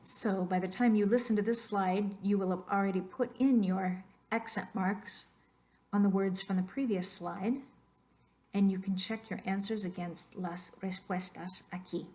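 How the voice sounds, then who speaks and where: A woman's voice: medium pitch, steady tone, moderate pace, darkish tone. A woman teaching a narrated slideshow lesson, explaining patiently and saying example words aloud to model their stress. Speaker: Spanish teacher.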